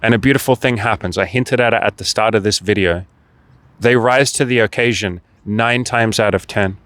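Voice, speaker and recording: A man with a somewhat low voice gives a motivational talk straight to camera as a dating coach. He is blunt and emphatic, swears freely and piles up rhetorical questions, and the sound is dry and close. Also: normal speed, a bit bright, dry recording. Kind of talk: direct-to-camera motivational monologue.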